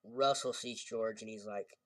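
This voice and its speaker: A man's voice: on the low side, steady tone, a little slow, dry recording. Man, casual movie review, rambling and self-correcting, distant mic, dry sound.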